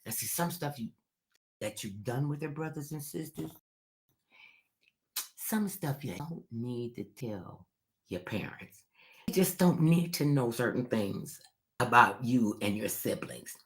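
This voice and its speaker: A middle-aged woman telling family stories in a casual monologue, animated, acting out quotes and swinging from loud to hushed. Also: extremely low pitch, unhurried, pauses often.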